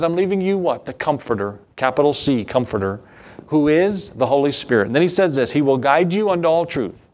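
A man preaching an evening sermon in a folksy, conversational way, reading verses aloud and chuckling now and then. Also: mid-range voice. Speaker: pastor.

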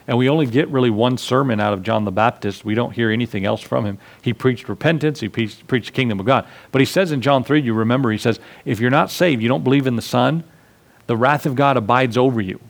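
A man's voice: mid-range voice, brisk. A man preaching a sermon to his congregation in a conversational way, acting out little scenes with asides. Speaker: pastor.

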